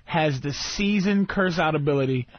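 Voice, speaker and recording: A man's voice: on the high side, slight background noise. A man talking as a guest comedian in loose studio banter, telling things bluntly and restarting his sentences. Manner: blunt, fast storytelling with restarts. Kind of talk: casual radio banter. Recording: dull radio broadcast audio.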